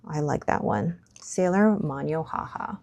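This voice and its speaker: A woman's voice: low voice, unhurried, vocal fry, a little mellow, dry recording. A young woman chatting casually as she reviews and swats fountain pen inks, musing aloud and sometimes dropping to a near whisper. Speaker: stationery vlogger. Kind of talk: casual ink swatch review.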